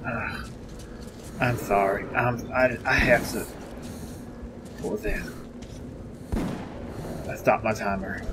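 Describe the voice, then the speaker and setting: A man's voice: medium pitch, fairly even intonation, slow, pauses often. Male let's-play commentator, casual and jokey, easily spooked, noisy background hum. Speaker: gameplay commentator.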